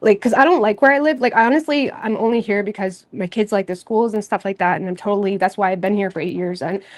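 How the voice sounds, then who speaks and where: A woman from Nova Scotia, Canada, hosting a tarot channel, chatting casually and candidly with viewers in a rambling way, full of fillers and soft laughs. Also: mid-range voice, quick pace. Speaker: tarot reader and channel host. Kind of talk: casual livestream chat.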